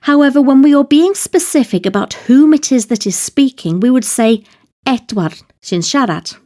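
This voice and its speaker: A woman reading a scripted Welsh grammar lesson in a slow, careful, measured way. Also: high voice, animated, mellow. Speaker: language teacher.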